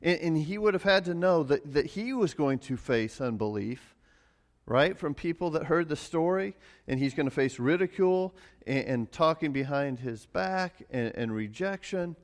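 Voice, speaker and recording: Man pastor, sermon, slightly high voice, earnest, restarts phrases. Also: lively intonation, moderate pace. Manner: earnest, repeats words when starting phrases.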